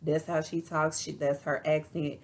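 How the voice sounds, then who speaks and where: A woman's voice: low-pitched, little pitch movement, normal speed. A woman with a Texas accent chatting casually to her viewers, giving her frank opinions on a reality TV episode. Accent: Texan. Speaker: reality TV reviewer. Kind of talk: casual vlog commentary.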